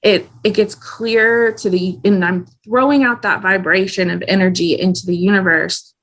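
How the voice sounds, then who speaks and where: A woman's voice: mid-range voice, normal speed. A woman hosting a casual podcast interview, telling stories in a chatty, meandering way. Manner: chatty storyteller, meandering, animated retelling. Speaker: podcast host.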